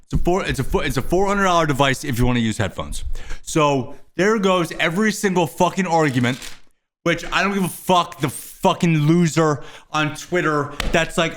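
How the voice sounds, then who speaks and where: A man's voice: on the high side, normal speed, fairly bright tone. A young man hosting his own video, ranting about a product with crude, exasperated swearing. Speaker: host. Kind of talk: profane ranting commentary.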